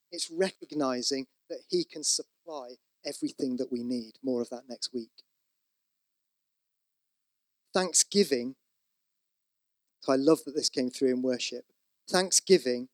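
A man's voice: a little high, fairly bright tone, no echo. A man preaching a sermon, conversational with asides, rising to emphatic repeated exhortations. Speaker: pastor.

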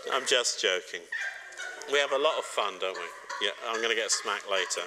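A man's voice: on the low side, lively intonation, normal speed, heavy background noise. A middle-aged man gives a sermon on marriage, speaking straight to the congregation and joking now and then. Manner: warm, joking, direct address to the congregation. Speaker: preacher.

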